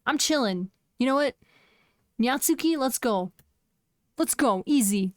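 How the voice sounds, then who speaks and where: A woman's voice: mid-range voice, normal speed, no room sound, studio quality. A young woman streaming from home, chatting casually with her viewers in a playful, teasing way and laughing often. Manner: playful, giggly, teasing chat.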